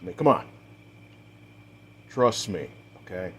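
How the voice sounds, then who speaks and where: A man's voice: deep voice, big pitch swings, slow, a bit bright, slightly rough, exaggerated voice. A man voicing a laid-back young man who talks in casual slang with fillers. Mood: skeptical.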